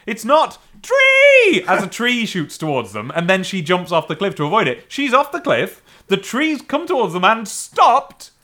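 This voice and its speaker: Lebhafter britischer Podcast-Host, männlich. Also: male voice, sits high, normal speed, few pauses. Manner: animated, jumps into shouted mock quotes. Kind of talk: casual film discussion.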